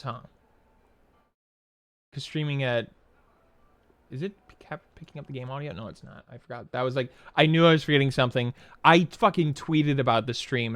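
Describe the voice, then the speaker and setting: A man's voice: mid-range voice, a little fast, fairly bright tone. A young man streaming a game, chatting casually in a rambling, profane way full of "like" fillers. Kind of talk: casual chat while setting up a game stream.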